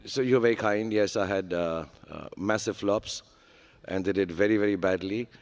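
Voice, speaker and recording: Candid man with a low voice. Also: moderate pace. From India. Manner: earnest and self-deprecating, frequent uh fillers. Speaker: guest on a summit stage. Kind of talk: candid on-stage conversation. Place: large conference stage.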